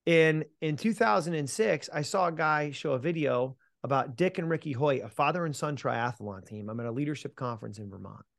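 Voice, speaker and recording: A man's voice: on the high side, brisk, vocal fry, hardly any pauses, no room sound, studio quality. A middle-aged man, a mental performance coach, telling a personal story as a podcast guest in a punchy, emphatic way, casually swearing and calling the listener "man". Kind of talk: animated storytelling in an interview.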